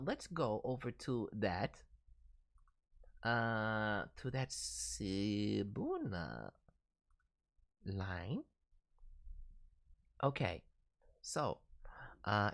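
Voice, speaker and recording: Slow, gushing woman streamer. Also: very deep voice, a bit bright. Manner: gushing and enthusiastic, stammering fillers. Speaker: streamer voicing viewers' characters. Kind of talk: live-stream chat.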